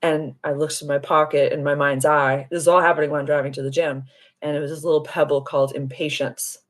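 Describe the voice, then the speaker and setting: A woman hosting a live stream as a spiritual coach, telling a story in an animated, giggly way and answering viewer comments. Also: sits low, fast. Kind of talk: casual live-stream chat.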